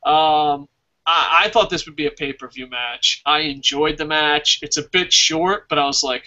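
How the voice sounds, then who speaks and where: A man hosting a casual wrestling review podcast, talking excitably with lots of swearing and reading out live chat comments. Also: fairly high pitch, moderate pace. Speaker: podcast host. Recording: dull lo-fi podcast audio.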